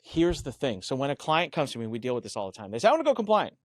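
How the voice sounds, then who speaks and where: A man with a medium-pitched, expressive voice talks fast on a clean studio recording with no echo. Co-hosting an animated business podcast, he tells stories emphatically, acts out quoted dialogue, and swears casually.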